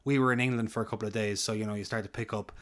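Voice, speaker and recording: A man's voice: fairly low pitch, steady tone, rapid-fire, fairly bright tone. A man co-hosting a casual podcast, rambling with lots of ums and restarts. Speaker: podcast co-host.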